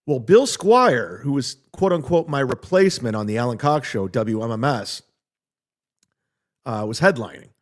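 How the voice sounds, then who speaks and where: A man's voice: medium pitch, expressive, moderate pace. A middle-aged man, a comedian hosting his own show, telling a story in a blunt, profane, aggrieved casual rant.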